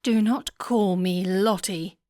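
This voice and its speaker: A woman reading a proud, spirited young noblewoman with a poised, sharp manner, in an audiobook. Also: medium pitch, fairly even intonation, takes it slowly, no room sound, studio quality, natural voice. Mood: cold.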